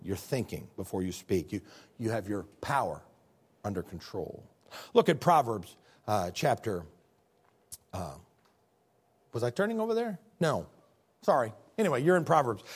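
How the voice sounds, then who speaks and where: A man preaching a sermon as pastor, telling stories with animated swings between loud bursts and quiet, low passages. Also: moderate pace, pauses often, breathy edge.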